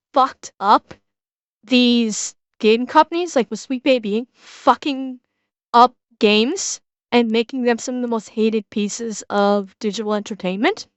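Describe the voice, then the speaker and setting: A woman's voice: on the high side, no echo. A woman streamer giving blunt, profane, casual commentary while reacting to a video.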